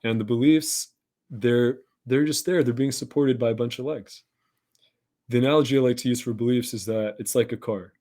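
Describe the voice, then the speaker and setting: A man's voice: mid-range voice, steady tone, normal speed, dark tone. Man, podcast host, motivational monologue, earnest, encouraging, mid-range voice. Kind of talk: motivational self-help monologue.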